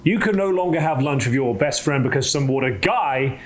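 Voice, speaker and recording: A man's voice: mid-range voice, lively intonation, moderate pace, a little hiss or hum. A man speaking in a pompous, grandiose manner in a comedy sketch.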